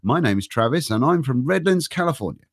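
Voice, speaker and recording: A man's voice: medium pitch, lively intonation, a little fast, no echo, studio quality. A middle-aged man with a cold, hosting a live stream and chatting casually while reading out names from chat, swearing now and then. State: has a cold. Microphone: desk microphone.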